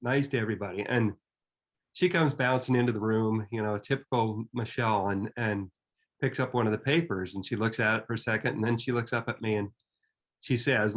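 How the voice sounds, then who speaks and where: A man's voice: on the low side, fairly bright tone. Earnest reflective man in his fifties. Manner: earnest and reflective, with halting restarts. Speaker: storyteller. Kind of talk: personal storytelling.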